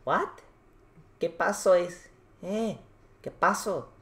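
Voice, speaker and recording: A man voicing a flustered female hotel phone clerk who gets confused and shouts in a shrill voice. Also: animated, slow pace, full character voice. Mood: bewildered.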